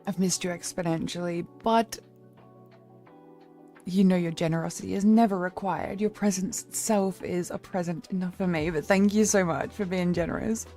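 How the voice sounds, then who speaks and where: A woman's voice: on the low side, fairly even intonation, normal speed, warm tone, faint music behind. A young Australian woman chatting casually on her livestream, playful, swearing freely and laughing often. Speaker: streamer.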